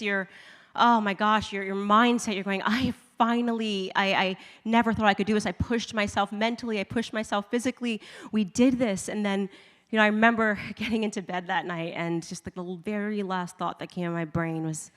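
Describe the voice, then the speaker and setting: A woman's voice: medium pitch, fairly even intonation, moderate pace, a bit bright. A woman giving a humorous personal testimony to a live audience, laughing often and acting out her own thoughts. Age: adult with a husband and kids. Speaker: speaker giving a conversion testimony. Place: large event hall. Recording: long hall reverb from a live event.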